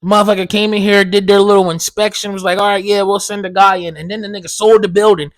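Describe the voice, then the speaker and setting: A man's voice: high voice, little pitch movement, quick pace. A man hosting a podcast, telling a heated, profane story and acting out both sides of the conversation. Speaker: podcast host. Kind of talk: casual ranting monologue.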